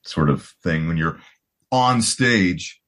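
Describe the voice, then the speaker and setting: Speaking slowly in a deep yet fairly bright and expressive voice, a forties-aged American man appears as a guest rock guitarist on a podcast. His casual talk meanders, filled with "you know" and restarts.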